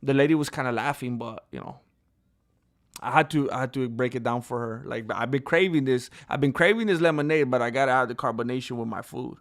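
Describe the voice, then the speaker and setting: A man hosting a livestream, chatting casually and excitedly in slangy, animated storytelling. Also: mid-range voice, a little fast. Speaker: livestream host.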